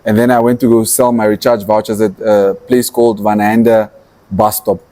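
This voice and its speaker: A man's voice: on the low side, little pitch movement, brisk, mellow. A man, a guest in a podcast interview, telling his story animatedly and acting out his own past thoughts as quotes. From Namibia. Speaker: entrepreneur and activist guest.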